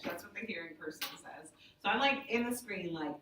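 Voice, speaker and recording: A woman who works as a sign language interpreter, telling stories to a group in a chatty, animated way with lots of "like". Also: fairly low pitch, brisk, hardly any pauses, a little hiss or hum. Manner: animated, chatty, heavy use of "like". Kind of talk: casual storytelling to a group. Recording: echoey room, voice from far off.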